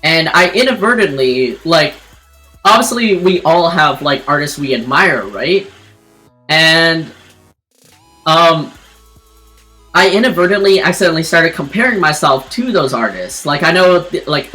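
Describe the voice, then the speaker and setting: A woman's voice: low voice, expressive, unhurried, bright, forceful tone, soft background music. A woman streamer telling a personal story in casual chat while drawing, rambling with lots of fillers and restarts. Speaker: streamer and artist.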